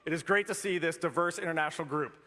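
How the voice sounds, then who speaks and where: A man's voice: a little high, fast, heavy background noise. A man, a mission commander who is losing his voice, speaking casually and enthusiastically to a crowd in a large hall. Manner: casual, enthusiastic, loose speech. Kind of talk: public speech.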